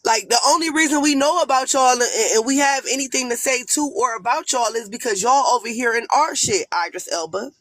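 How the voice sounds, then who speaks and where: A woman's voice: sits high, fairly quick, few pauses, a bit bright. A woman with an African American accent giving a blunt, profane, rambling rant as a guest on a live stream panel. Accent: African American English.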